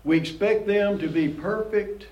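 A man's voice: unhurried, reverberant, lo-fi sound. A man preaching a casual, conversational Bible teaching and chuckling often as he reads and comments on scripture. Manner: conversational, chuckles often, animated rises in pitch.

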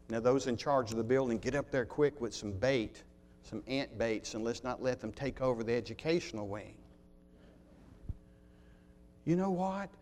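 Male preacher, somewhat high voice, storytelling sermon that slows and goes quiet for emphasis. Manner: storytelling, slowing on key words, drops to a quiet voice. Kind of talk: sermon with illustrations.

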